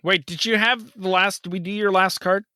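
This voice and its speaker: A man co-hosting a podcast, telling a story in a casual, animated way and acting out the other people's lines. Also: sits high, brisk, smooth, no echo, studio quality. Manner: animated, acts out the other voices in his story. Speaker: podcast co-host.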